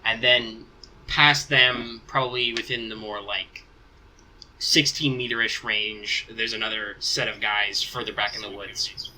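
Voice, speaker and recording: A man's voice: fairly low pitch, fairly even intonation, a little slow, bright, forceful tone, slight background noise, low-quality recording. A man acting as game master, narrating a tabletop game in a casual, rambling way as he thinks aloud.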